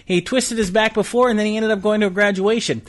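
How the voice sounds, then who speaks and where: Man, podcast host, high voice, rambling, laughing, crowd chatter behind. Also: steady tone, fast talker. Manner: rambling, laughing, lots of fillers. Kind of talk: casual chat, introducing the crew. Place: comic shop, indoors, with several friends. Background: group chatter and laughter.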